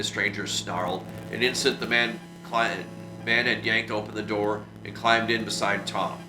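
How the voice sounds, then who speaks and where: A man reading a classic adventure novel aloud for a book club, steady with small restarts. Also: on the low side, moderate pace. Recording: roomy echo with music behind.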